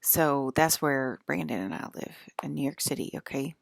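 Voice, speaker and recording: Woman, 40s, low and creaky, rambling home-vlog monologue, dry close sound. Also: lively intonation, normal speed, no echo. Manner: rambling, filler-heavy, keeps asking "okay?". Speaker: channel host.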